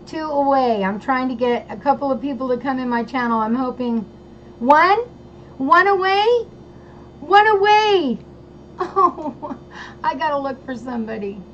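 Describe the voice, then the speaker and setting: A woman's voice: high-pitched, moderate pace. A woman hosting a casual livestream, bubbly and gushing as she greets chatters by name. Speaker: livestream host. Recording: dull lo-fi sound with faint noise.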